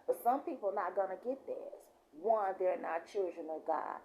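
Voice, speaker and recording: A woman reading scripture slowly and with emphasis, then adding loose, conversational commentary. She often clears her throat. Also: medium pitch, expressive, dull audio. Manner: reads verses slowly and emphatically, then talks in loose asides. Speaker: prophetess.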